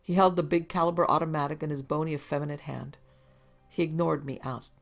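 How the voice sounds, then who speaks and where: Woman, audiobook narrator, gravelly voice, dramatic hard-boiled storytelling. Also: sits low, steady tone, a little fast, soft background music. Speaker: narrator and producer.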